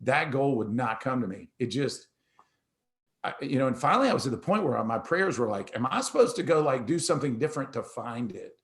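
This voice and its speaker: Animated middle-aged male storyteller. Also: medium pitch, brisk. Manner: animated storyteller who acts out dialogue; casual, conversational, with restarts. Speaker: host. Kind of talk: motivational storytelling talk.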